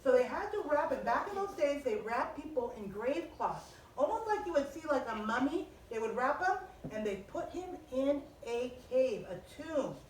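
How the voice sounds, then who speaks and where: A high-voiced woman telling children a story, animated and expressive, asking them questions as she goes. She is heard from a distance in an echoey room with a faint hum behind her. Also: normal speed, few pauses. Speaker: children's Bible teacher.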